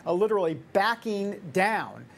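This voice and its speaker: A woman's voice: mid-range voice, sing-song, moderate pace, vocal fry, slight background noise. A woman in her fifties hosting a talk show, giving opinionated commentary with sarcastic, jokey asides. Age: 50s.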